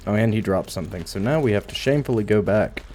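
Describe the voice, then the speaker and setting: A man's voice: on the low side, fast talker, darkish tone, a little hiss or hum. A man casually commentating as he plays a video game, musing aloud with dry asides. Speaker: gameplay commentator. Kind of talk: casual let's play commentary.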